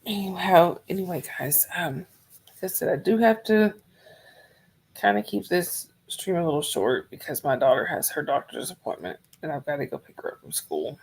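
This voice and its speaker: A woman from Georgia, chatting softly and rambling on a livestream while losing her voice. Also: on the low side, animated, moderate pace, gravelly, husky. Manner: soft-spoken, rambling, talks to chat viewers by name. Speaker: livestream host. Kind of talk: casual livestream chat.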